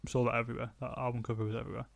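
A man's voice: mid-range voice, level tone, racing, creaky. A young man co-hosting a podcast, chatting casually and with strong opinions about songs, laughing easily. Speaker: podcast co-host. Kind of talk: casual music review chat.

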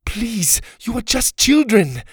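A man doing a pleading young woman, voice pitched high. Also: big pitch swings, slow pace, breathy edge, no echo, clean studio sound, exaggerated voice. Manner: pleading, defiant.

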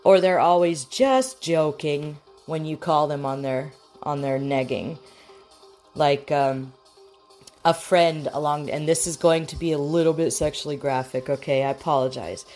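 A woman's voice: deep voice, unhurried, darkish tone, soft background music. A woman hosting a talk show, chatting frankly and casually, acting out the lines she quotes. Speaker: podcast host.

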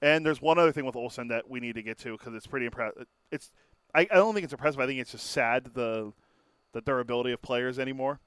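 A man's voice: mid-range voice, fast talker, a bit bright, smooth, no room sound. A man co-hosting a sports talk show, looking up and reading out stats in a matter-of-fact way. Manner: matter-of-fact, reads out numbers.

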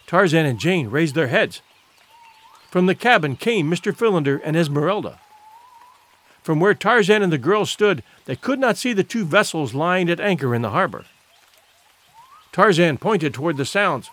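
A man reading a classic adventure novel aloud as an audiobook narrator, in an expressive, dramatic storytelling manner. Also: a little high.

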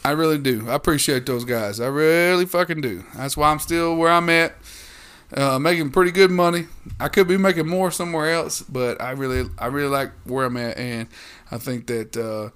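A man's voice: on the high side, normal speed, a bit bright, clean tone. A man chatting casually on a podcast, rambling and swearing, often restarting his sentences. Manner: rambling, profane, restarts a lot. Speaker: podcast co-host.

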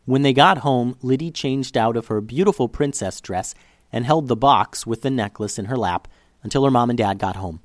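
A man reading a children's story aloud in an expressive, animated way. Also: medium pitch, normal speed, no echo, studio quality.

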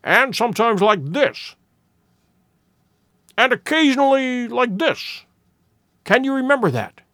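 A man doing a keen excitable detective. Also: very high voice, no echo, clean studio sound, pitched above the performer's own voice, full character voice. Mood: excited, insistent. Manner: brisk, emphatic deductions. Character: keen eager male detective, sharp, excitable. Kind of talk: dramatic audiobook reading.

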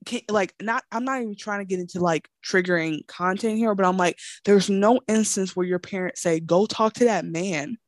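A woman's voice: medium pitch, a little fast, hardly any pauses, no echo, clean studio sound. A young adult woman with an African American English accent, co-hosting a casual show recap and acting out characters in exaggerated voices. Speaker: podcast co-host.

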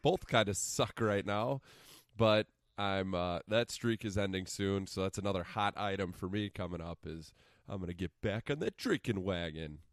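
Man, podcast co-host, low voice, dry close sound, halting casual talk. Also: no echo. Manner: halting, with fillers, dry humor. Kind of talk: casual chat.

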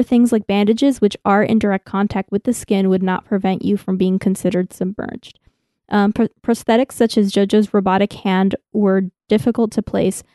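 A woman's voice: mid-range voice, warm tone, no echo, clean studio sound. A young adult woman, a native Spanish speaker, co-hosting a podcast in loose, chatty talk and reading listener emails aloud. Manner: laughs often, loose and chatty. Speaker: podcast co-host.

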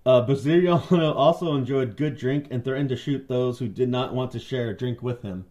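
A man's voice: medium pitch, normal speed, warm tone. A man co-hosting a casual podcast, telling stories with lots of swearing, laughs and silly put-on voices. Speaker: podcast co-host. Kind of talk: casual chat.

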